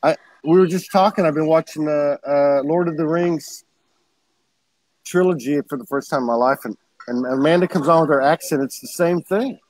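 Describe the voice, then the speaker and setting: A man's voice: on the high side, normal speed, darkish tone, poor audio. A man hosting a casual livestream chat over a video call, talking in a rambling way and laughing often. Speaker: host.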